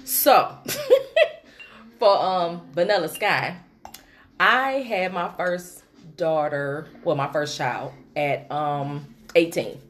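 A woman co-hosting a casual chat, an animated storyteller who laughs often. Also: sits low, extremely slow.

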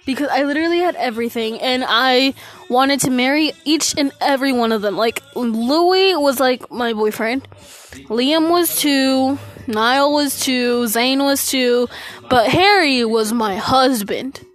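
A woman's voice: high voice, measured pace. A fourteen-year-old girl hosting her podcast from her bedroom into a phone, out of breath, rambling and losing her train of thought. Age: teens. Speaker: podcast host. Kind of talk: casual solo podcast chat.

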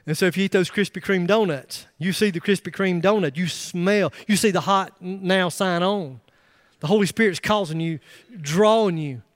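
A middle-aged male pastor preaching a sermon, emphatic, swinging into loud bursts and joking asides. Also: high voice, normal speed, hardly any pauses, dry recording, clean studio sound.

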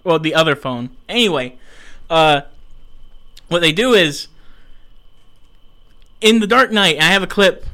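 Bright, frustrated young male host. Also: on the high side, unhurried, long pauses. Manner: frustrated, rambling, self-mocking. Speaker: show host. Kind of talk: casual live show chat.

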